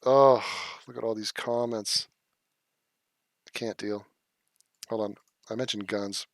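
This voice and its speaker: A man's voice: on the low side, steady tone, slow, no echo. A man hosting a casual livestream, reading chat comments aloud and answering them in a blunt, profane, scoffing way. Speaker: livestream host.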